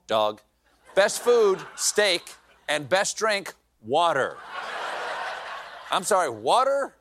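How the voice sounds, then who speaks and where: A man's voice: on the high side, fairly bright tone. A man hosting a late-night show, delivering a comedic news monologue with sarcastic, mocking punchlines.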